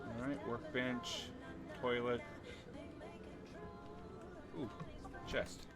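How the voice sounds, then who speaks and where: A laid-back man giving casual gameplay commentary at a middling pitch, dry in his humor. Loud game music runs behind his close mic. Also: little pitch movement, drawn-out words. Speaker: streamer.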